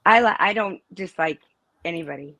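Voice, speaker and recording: A woman's voice: fairly low pitch, normal speed, bright, forceful tone, no echo, poor audio. A middle-aged woman, a student's mother, telling stories emphatically in a casual interview, restarting her sentences often. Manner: emphatic, storytelling, with many restarts.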